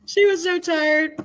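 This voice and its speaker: Woman hosting a chat, laughs a lot, lively and encouraging. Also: very high voice. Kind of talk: casual chat.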